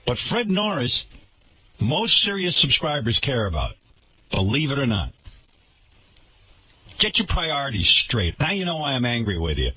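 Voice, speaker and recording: Guy on talk radio ranting, sarcastic, big swings up and down, bright edgy voice. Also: sing-song, a little slow, pauses often, husky, no echo. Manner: indignant, sarcastic, swinging pitch. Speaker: radio show host. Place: radio studio.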